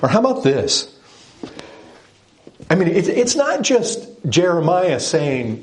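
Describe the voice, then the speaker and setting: A man's voice: fairly high pitch, sing-song, takes it slowly, long pauses. A man preaching a sermon, speaking with emphasis and putting direct questions to his listeners. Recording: echoey room.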